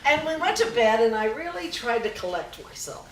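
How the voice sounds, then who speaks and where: High, lively woman telling a comic story. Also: brisk. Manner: laughs often at her own story, shouting and mimicking others. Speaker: stand-up comedian. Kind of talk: storytelling comedy set. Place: small live music venue. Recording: echoey room, distant mic, faint noise.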